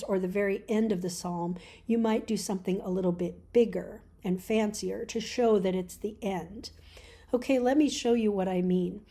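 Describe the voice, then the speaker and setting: Mellow-voiced woman teaching chant. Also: mid-range voice. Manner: relaxed, explanatory, with fillers and restarts. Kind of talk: casual spoken lesson.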